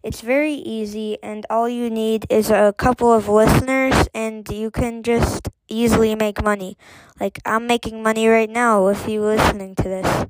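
A woman's voice: fairly high pitch, fairly even intonation, normal speed, no echo, poor audio. A woman hosting her own podcast in casual chat, rambling with many "like"s and "um"s. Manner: rambling, full of "like" and "um". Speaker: podcast host.

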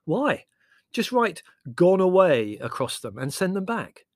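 Pitched above his own natural voice, a man performs an exasperated young writer who is sardonic and theatrical, speaking with drama and sarcasm. The high voice swings widely in pitch at a measured pace, in studio-quality audio without room sound.

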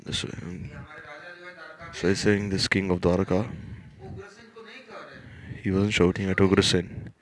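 A man with a very deep voice delivers a religious lecture, retelling a sacred story. He speaks in an even, flat tone, moving slowly and repeating or restarting his phrases as he goes. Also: poor audio.

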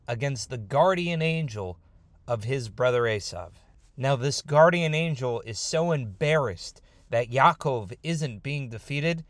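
A man's voice: mid-range voice, no room sound. A man retelling a scripture story in a casual, conversational storytelling manner. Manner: conversational, informal, lively retelling. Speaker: Torah storyteller.

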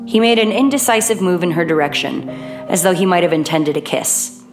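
Low-voiced woman narrating an audiobook. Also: animated, a little fast, music in the background.

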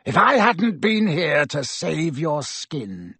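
A man's voice: on the high side, sing-song, slow pace, creaky, sharp tone, breathy edge, no room sound, voice pushed up, full character voice. A man voicing a cold, vindictive middle-aged male schoolteacher who speaks silkily and hisses. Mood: spitting fury. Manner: silky, hissing, rising to shrieks.

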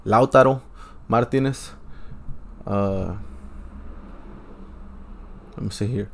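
Swearing, excitable man reacting to football. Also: fairly low pitch, slow, vocal fry. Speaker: podcast host. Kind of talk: casual live match commentary. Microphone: handheld mic.

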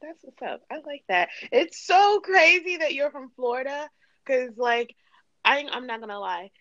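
Podcast host: a chatty, expressive woman, dry and muffled. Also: high-pitched, no echo. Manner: chatty, expressive, quick to laugh. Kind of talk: casual chat.

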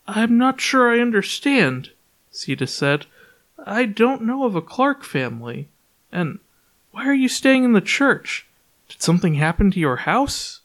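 A man's voice: sits high, sing-song, measured pace, fairly bright tone, pitched above the performer's own voice, exaggerated voice. A man reading the part of an anxious, earnest young woman with rising, pleading questions. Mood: bewildered.

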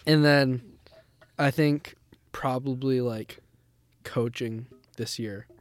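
A man's voice: mid-range voice, fairly even intonation, slow pace, no echo. A young man co-hosting a casual podcast with his brother, teasing him and laughing often. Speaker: podcast co-host. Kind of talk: casual chat between brothers.

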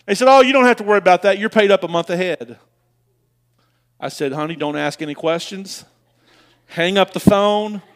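High-voiced pastor preaching. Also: male voice, moderate pace, long pauses. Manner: storytelling, emotional, repeats words, rises to loud passionate bursts. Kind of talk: sermon.

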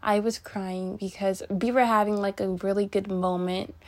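Speaking at a normal speed, a podcast host, a young woman, wanders through a personal story with plenty of fillers and false starts. Her medium-pitched voice keeps a steady tone and sounds slightly mellow.

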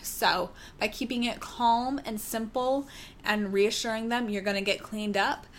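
A woman giving calm, reassuring parenting advice in a casual talk to camera, with many "um" fillers and restarts. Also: a little high, measured pace, a little hiss or hum.

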